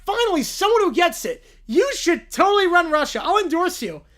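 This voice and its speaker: Woman putting on a high bratty bear president, cartoonish, petulant, tantrum-prone, lively swings in pitch. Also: brisk. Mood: gushing. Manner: whining, stamping tantrums and shouting.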